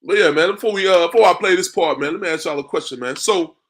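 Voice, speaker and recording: Speaking fast in a high-pitched, slightly bright voice, a man runs a street-preaching class in preaching style. He keeps firing rhetorical questions, calls everyone "man" over and over, and laughs softly throughout.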